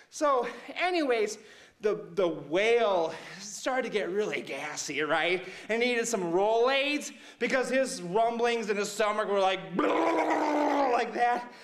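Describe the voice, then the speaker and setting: A man doing Chazz, a high, slow, rambling storyteller. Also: a little hiss or hum, full character voice. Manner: rambling, excitable, fills with "right?" and "okay?". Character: rambling, mixed-up male storyteller retelling Bible stories to kids. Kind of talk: comic Bible story monologue.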